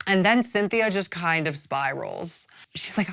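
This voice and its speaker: Woman, very low voice, casual review host, chatty, swears. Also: expressive, normal speed, a bit bright. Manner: chatty, swearing, frequent "like" and "you guys". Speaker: host of a drag show review.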